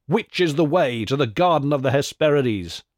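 A man's voice: a little high, lively intonation, normal speed, dry recording, clean studio sound, close to an everyday voice. A man reading aloud, voicing a mighty young male hero who roars his demands. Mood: demanding. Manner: roaring, commanding.

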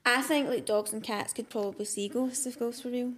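A young woman co-hosts a podcast in a fairly high voice, talking fairly quickly with fairly even intonation. Chatty and conversational, she reads listener stories and often tags her sentences with "right?".

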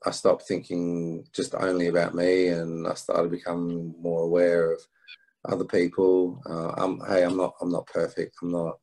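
A middle-aged man from England, telling a personal story as an interview guest, halting with restarts and fillers. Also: low voice, monotone, vocal fry, a little mellow, low-quality recording. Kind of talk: reflective storytelling.

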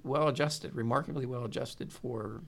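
A man's voice: mid-range voice, moderate pace, vocal fry, a bit bright. A man hosting a casual podcast, rambling and asking crude questions. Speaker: podcast host.

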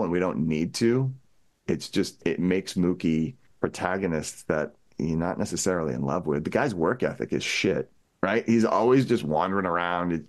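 Deep-voiced man chatting about films. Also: darkish tone. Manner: enthusiastic, recaps characters conversationally. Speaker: podcast co-host. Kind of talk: casual film discussion.

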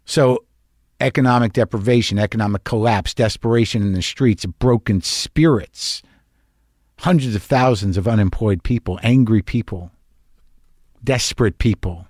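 A man's voice: on the low side, normal speed, darkish tone, no echo, studio quality. A man hosting a podcast, delivering a rambling, wry, self-deprecating comedic monologue. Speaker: podcast host.

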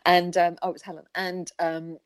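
A woman's voice: fairly low pitch, little pitch movement, normal speed, no room sound. Chatty, teasing woman. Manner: teasing, chatty storyteller, laughs often. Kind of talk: casual chat.

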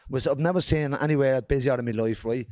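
A man's voice: mid-range voice, quick pace, no room sound, studio quality. A man with a Dublin accent, a comedian guest telling stories in casual chat, swearing freely and acting out quotes. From Ireland.

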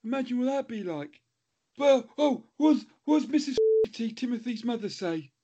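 Very high-voiced man with absurd jokes. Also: lively intonation, warm tone. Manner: absurd interjections, drawn-out punchlines. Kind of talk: comic banter. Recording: dull lo-fi sound.

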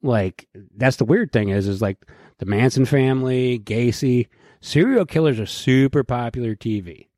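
A man's voice: medium pitch, moderate pace, no echo, clean studio sound. A man hosting a podcast, talking in casual, profane banter and acting out quoted lines. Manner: animated, profane, acts out quotes. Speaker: podcast host.

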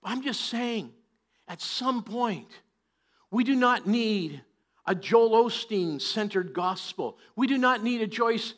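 A man preaching a sermon in church, joking and chatty at times and then rising to loud, emphatic preaching. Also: high-pitched, lively intonation, slow pace. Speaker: pastor.

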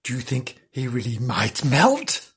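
A man's voice: mid-range voice, wildly swooping pitch, a little slow, a bit bright, slightly rough, pitched below the performer's own voice, heavily acted. A man voicing a fretful little animal. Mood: anxious. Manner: anxious, fretful. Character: anxious, worried young male animal.

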